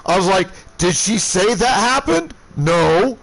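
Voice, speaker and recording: A man in his thirties streaming from home, telling a story in a casual, profane way that flares into shouting. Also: sits high, animated, a little slow, gravelly, few pauses, rough recording. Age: 30s. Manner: profane, heated retelling, shouting when angry.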